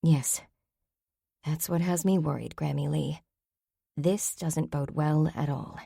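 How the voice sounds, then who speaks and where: A woman's voice: low-pitched, fairly even intonation, takes it slowly, creaky, dark tone, breathy edge, no echo, studio quality, heavily acted. A woman voicing a curious, inquisitive young woman sleuth. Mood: worried.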